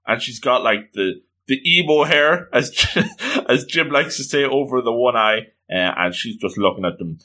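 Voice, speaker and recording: Animated man retelling a story. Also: medium pitch, normal speed. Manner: animated, exclamatory, voices the characters. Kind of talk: casual retelling of a comic story.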